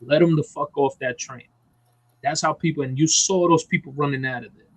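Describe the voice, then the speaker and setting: Man, podcast chat, emphatic profane rant, slightly high voice, dry close sound. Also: fairly quick, no echo, low-quality recording. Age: adult parent. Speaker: podcast co-host. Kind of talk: heated casual chat.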